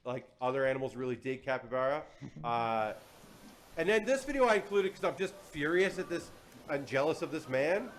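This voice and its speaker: A man's voice: medium pitch, expressive, a little fast, slight background noise. Chatty, playful panel host, man. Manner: chatty, playful, self-deprecating. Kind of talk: casual live panel hosting. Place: convention panel room. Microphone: handheld or table mic.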